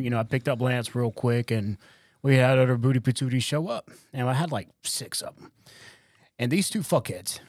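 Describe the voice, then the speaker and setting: A man's voice: mid-range voice, no echo. A man who is a guest on a podcast, casually telling an old story in a dry, laid-back way. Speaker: guest, former Marine. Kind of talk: casual chat.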